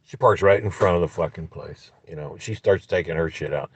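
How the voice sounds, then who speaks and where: Husky man ranting angrily. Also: low-pitched, brisk, dry recording, muffled recording. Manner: profane, angry, rambling. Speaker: vlogger. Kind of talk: ranting storytelling vlog. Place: inside a parked car.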